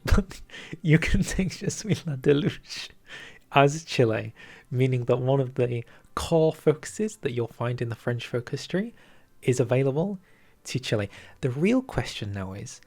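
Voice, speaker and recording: A man giving game preview commentary as a video creator, excitable, with chuckling asides and hushed, conspiratorial remarks. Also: medium pitch.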